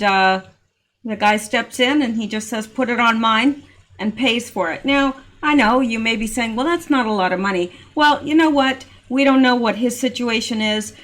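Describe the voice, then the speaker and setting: A Canadian woman hosts her own political commentary channel, speaking in a mid-range, slightly bright voice. She talks casually and earnestly, with lots of fillers and restarts.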